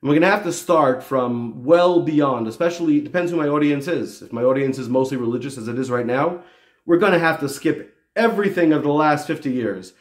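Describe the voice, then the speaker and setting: A man giving a casual religious video lecture, animated and emphatic, wandering off on tangents before returning to his point. His voice sits a little higher than most men's. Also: a little fast. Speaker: religious teacher.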